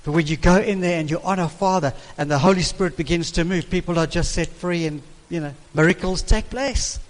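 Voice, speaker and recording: An older male minister preaches to couples with emphatic, repeated phrases. His voice sits quite high for a man. A long hall reverb trails every word. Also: a little fast. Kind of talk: sermon-style teaching.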